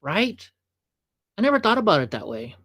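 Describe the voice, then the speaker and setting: A man hosts a livestream, reacting to clips with casual, offhand remarks. His voice sits a little high. It is recorded close and dry. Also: big pitch swings, moderate pace, a bit bright, no room sound. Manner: chatty, offhand asides. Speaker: livestream host.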